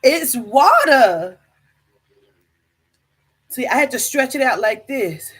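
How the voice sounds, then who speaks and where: A woman vlogger telling a comic story straight to camera, loud and profane, breaking into laughter. Her voice is a touch husky and sits a little high. She talks slowly but swings her pitch up and down a lot. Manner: animated, profane, bursts of laughter. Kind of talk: casual comedic storytelling to camera.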